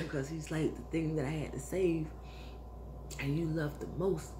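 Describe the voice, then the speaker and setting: A woman vlogger rambling in a casual monologue, musing and swearing, sighing often and sometimes dropping into soft whispers. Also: low voice, fairly even intonation, measured pace, long pauses. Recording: echoey room with background noise.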